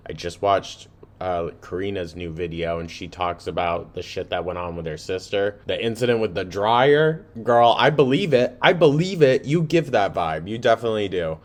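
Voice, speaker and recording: A man's voice: deep voice, moderate pace. A man hosting a reaction video, talking casually, swearing and laughing often as he comments.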